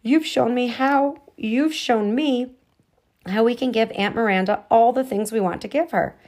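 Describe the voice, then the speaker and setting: A woman voicing Kendall, a cheerful, inventive young girl, with high, excited exclamations. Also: measured pace.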